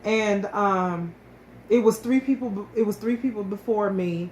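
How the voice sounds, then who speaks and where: A woman speaks about her own life in a heartfelt, animated way, stumbling over and repeating words as feeling takes over. Her voice carries in a roomy, echoing space with a faint hiss of background noise. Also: medium pitch, measured pace. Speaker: co-host sharing her story. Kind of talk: casual personal storytelling. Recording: echoey room with faint ambient noise.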